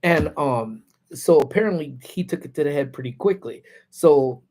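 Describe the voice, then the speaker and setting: A man hosting a casual livestream, telling stories in an animated, laid-back way with lots of slang, from a parked car. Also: on the high side, moderate pace, slight background noise. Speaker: livestream host. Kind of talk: casual storytelling.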